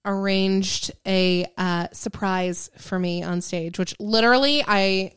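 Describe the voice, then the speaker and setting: A woman's voice: medium pitch, takes it slowly, clear, resonant tone. A woman co-hosting a podcast, chatting casually and loosely with lots of fillers. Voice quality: relaxed, filler-heavy, laughs along. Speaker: podcast co-host. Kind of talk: casual chat.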